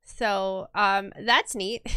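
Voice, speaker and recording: A woman's voice: mid-range voice, fairly even intonation, very slow, pushed and bright, clean tone, dry recording, clean studio sound. A woman streamer and illustrator chatting casually while she draws on a livestream, rambling and laughing often.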